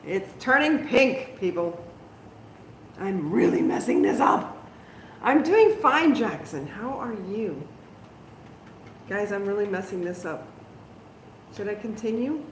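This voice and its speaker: In a roomy, slightly noisy home recording, a middle-aged woman streams her crafting live, talking to viewers and giggling at her own blunders as she makes her way outdoors. She speaks slowly and animatedly at a medium pitch, leaving long pauses.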